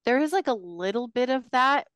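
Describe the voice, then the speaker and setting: Woman, smooth clear voice, casual podcast chat, agreeable, dry sound. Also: sits high, lively intonation, moderate pace, fairly bright tone, no echo. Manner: agreeable, frequent backchannel murmurs. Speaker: podcast co-host.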